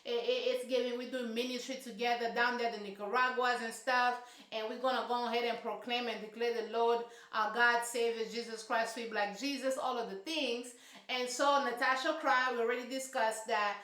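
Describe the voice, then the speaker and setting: A woman's voice: on the high side, steady tone, moderate pace, a bit bright. A woman reviewing a reality show in casual, sassy, emphatic commentary full of slang. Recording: roomy echo.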